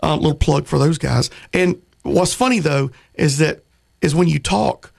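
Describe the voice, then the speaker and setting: Radio host, male, gravelly fry, slightly high voice, playful and teasing. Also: unhurried, a little mellow. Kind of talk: casual radio chat.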